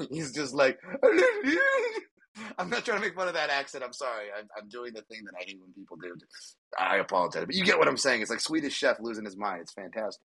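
Chatting casually about sports betting, this podcast host rambles along with jokes and frequent laughter. He speaks quickly in a medium-pitched, sing-song voice that is sharp in tone with a breathy edge.

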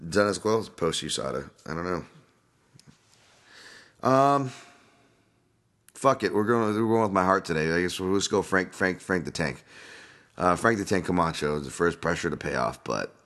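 A man with a deep, low voice talks through fight predictions in a loose, rambling podcast style. He fills his thoughts with ums and uhs and restarts his sentences as he goes, recording casually at home. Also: expressive, normal speed, long pauses, fairly bright tone. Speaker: podcast host, fight analyst. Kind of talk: casual solo podcast breakdown. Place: at home, dog nearby.

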